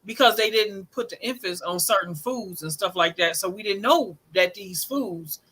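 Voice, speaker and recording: A woman co-hosting a casual chat, talking in a lively way and laughing easily. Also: mid-range voice, moderate pace, slightly rough. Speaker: co-host.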